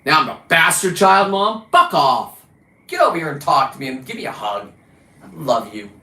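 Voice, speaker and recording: A man's voice: big pitch swings, normal speed, sharp tone. Profane ranting man, roomy echo. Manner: combative, swearing, shifts pitch and volume a lot. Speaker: livestream host. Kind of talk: casual profane rant.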